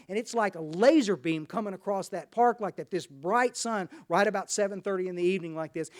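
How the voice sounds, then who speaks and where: A man's voice: high voice, fairly bright tone. A man from Dallas, Texas, telling his personal recovery story at a meeting in a folksy, rambling way with many restarts.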